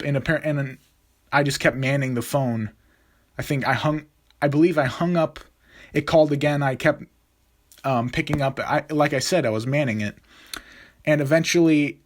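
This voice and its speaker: A man's voice: medium pitch, moderate pace, fairly bright tone. Rambling young man telling a story. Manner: rambling, many "like" and restarts. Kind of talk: casual storytime narration.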